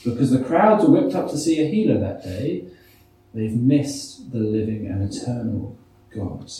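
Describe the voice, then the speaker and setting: A man's voice: mid-range voice, animated, measured pace, dark tone, slight background noise. A man preaching a sermon, reading scripture and putting many rhetorical questions to the congregation. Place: church. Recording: echoey church hall, mic from a distance.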